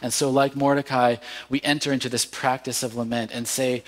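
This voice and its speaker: A pastor preaching a sermon in an earnest, measured way, with cries of lament now and then. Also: male voice, medium pitch, level tone. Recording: long hall reverb.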